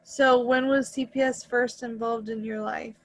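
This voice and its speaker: A woman hosting a video call interview, soft-spoken, asking plain questions, with the hiccups. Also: a little high, little pitch movement, a little slow. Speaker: host.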